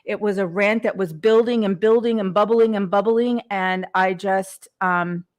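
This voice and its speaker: Speaking at a moderate pace with a steady, mid-range voice, this motivational podcast host and coach delivers an earnest, unscripted monologue. She frequently repeats words and starts over.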